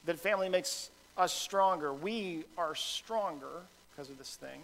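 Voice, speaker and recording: A man's voice: a little high, unhurried, gravelly, fairly bright tone, slight background noise, rough recording. A man, a pastor with a son, preaching a sermon in a conversational, self-deprecating style full of fillers and restarts.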